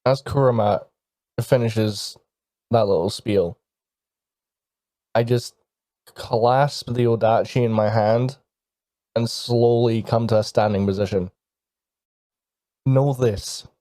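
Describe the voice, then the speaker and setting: A man playing a character in a tabletop role-playing game, speaking in a deliberate, solemn way in character. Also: lowish voice, steady tone, warm tone, no echo. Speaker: player. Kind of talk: in-character role-play and casual table talk.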